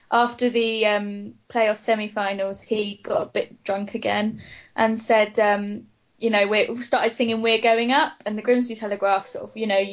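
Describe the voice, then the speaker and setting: A woman guesting on a podcast, amused and hesitant, with many ums. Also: mid-range voice. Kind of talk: casual chat.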